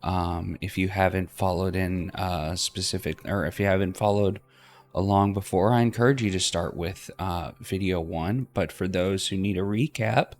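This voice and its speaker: A man's voice: deep voice, fairly even intonation, normal speed, a little mellow. A man hosting a visual novel let's play, talking casually and hesitantly with many fillers. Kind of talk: casual video intro.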